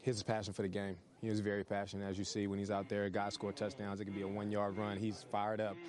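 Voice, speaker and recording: A young male pro football player answering press questions in a relaxed way, full of "you know" fillers. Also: lowish voice, fast talker. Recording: crowd chatter behind.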